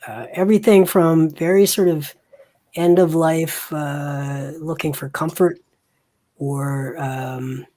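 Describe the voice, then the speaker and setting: A game master narrating a tabletop game, slow and searching for words with many fillers. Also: medium pitch, fairly even intonation, mellow.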